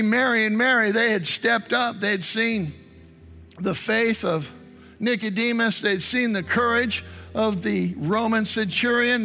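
A man's voice: very high voice, pushed and bright. A man preaching as pastor, reading scripture and weaving in prayers with earnest emphasis. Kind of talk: sermon. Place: church. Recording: online service stream with music.

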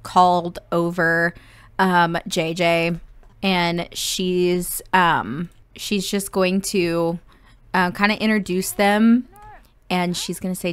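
A woman's voice: lowish voice, steady tone, slow pace, clear, resonant tone. A woman casually narrating a life-simulation game, chatty and full of ums. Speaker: gameplay narrator.

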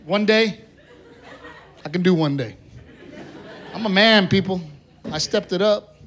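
A man's voice: high voice, a little slow. A man doing a stand-up comedy set on a live stage, telling a story and acting out family members' voices. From Mexican-American heritage. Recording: live club recording, loud crowd. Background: audience laughter.

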